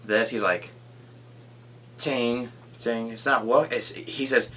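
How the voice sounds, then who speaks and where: A young man rambles through a casual movie review, retelling scenes and swearing freely. His voice is bright and forceful as he gets excited about it. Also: mid-range voice, slow pace, a little hiss or hum.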